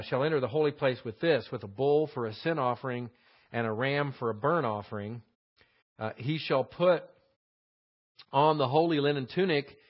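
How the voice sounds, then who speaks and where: A man teaching a verse-by-verse Bible study, explaining words and asking rhetorical questions with many fillers. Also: medium pitch. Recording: dull lo-fi sound.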